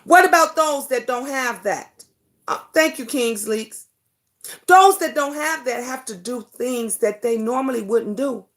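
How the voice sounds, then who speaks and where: In a high-pitched, fairly bright voice, a woman hosts a livestream talk show at an unhurried pace. She speaks fervently and swears freely, calling viewers by name and hammering home repeated rhetorical questions in this impassioned, casual talk.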